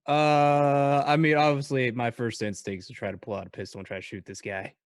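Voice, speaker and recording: A man's voice: mid-range voice, flat delivery, a little fast, clear, resonant tone, no room sound, studio quality. A man playing a tabletop game, eager and laughing as he plays. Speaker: player. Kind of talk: casual game talk.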